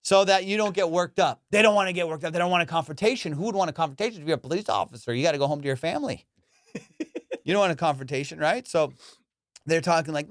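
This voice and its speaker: A man's voice: fairly high pitch, fast, no room sound, studio quality. A man hosting a podcast, telling a casual, profane comedic story and acting out the people in it. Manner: profane, animated, acts out voices in his stories. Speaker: podcast host.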